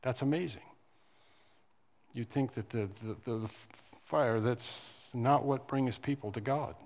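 A man preaching a sermon in an earnest, conversational way, pressing hard on key words before dropping back to a quieter tone. His voice carries a long hall reverb around it. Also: mid-range voice, measured pace. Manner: earnest, rises to emphatic stress on key words, with frequent restarts.

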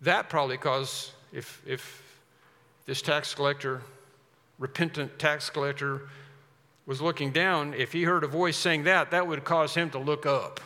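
Bright-voiced preacher in a reverberant hall. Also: male voice, a little high, steady tone, measured pace. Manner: emphatic, rhetorical questions to the congregation. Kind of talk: sermon. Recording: long reverb of a large hall.

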